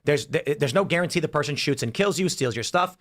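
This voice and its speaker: This podcast host's voice sits a little high, and he speaks quickly. Running a political panel show, he animatedly walks through hypothetical scenarios, performing each character's voice.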